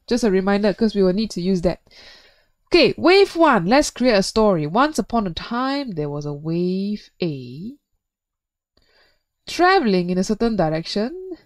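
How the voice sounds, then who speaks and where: Playful, lively woman physics teacher. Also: medium pitch, no echo. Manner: playful, chatty, jokes and asks the viewer questions. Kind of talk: recorded video lesson.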